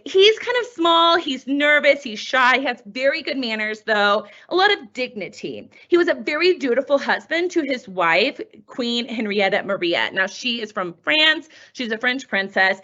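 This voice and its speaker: A woman teaching a history lesson over slides, chatty and full of rhetorical questions. Her voice is bright and sits a little high. It swings up and down a lot, and the audio is dull and lo-fi.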